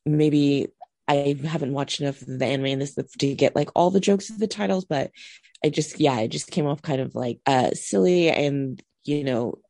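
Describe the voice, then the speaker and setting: A man's voice: on the high side, normal speed, vocal fry, darkish tone, no echo, clean studio sound. A man co-hosting a casual anime review chat, talking hesitantly with lots of hedging. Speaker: co-host.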